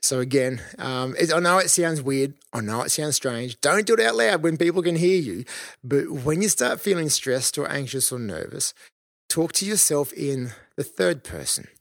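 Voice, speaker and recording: Male solo podcast host, gravelly tone, dry studio sound, encouraging delivery with ums. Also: a little high, expressive, moderate pace, fairly bright tone, no echo. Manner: earnest, encouraging, many ums and restarts.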